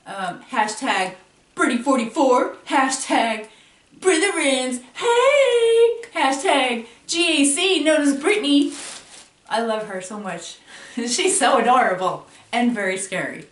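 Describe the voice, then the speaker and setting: Animated woman telling a ghost story. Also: mid-range voice. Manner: animated, dramatic pauses, laughs between lines. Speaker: paranormal vlogger. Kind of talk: casual storytelling to camera. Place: room at home. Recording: roomy room, from a distance.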